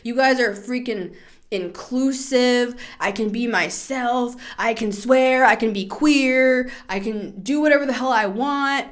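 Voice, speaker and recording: A woman in her thirties hosting a tarot podcast, talking in a casual, chatty way, animated, laughing and swearing freely. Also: a little high, a little slow. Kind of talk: casual spoken tarot reading.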